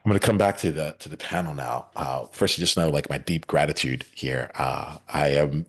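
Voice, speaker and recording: A man hosting a podcast panel, talking in a reflective, halting way with lots of restarts and fillers, from the United States, on a video call. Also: a bass voice, husky. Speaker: podcast host. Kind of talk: casual podcast panel wrap-up.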